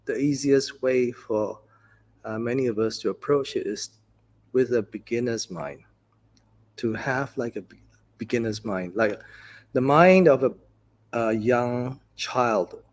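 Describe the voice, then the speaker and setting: A male Buddhist teacher gives a dharma talk with a soft, breathy, slightly husky voice. His pitch sits in the middle of the male range. He talks gently, like a conversation, and tells stories with easy fillers. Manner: gentle, conversational storytelling with many "you know"s.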